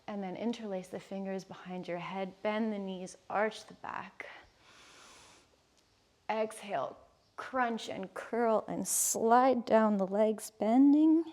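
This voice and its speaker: Unhurried woman guiding a yoga class. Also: mid-range voice. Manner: calm, unhurried cueing of breath and poses. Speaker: yoga instructor. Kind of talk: guided yoga class instruction.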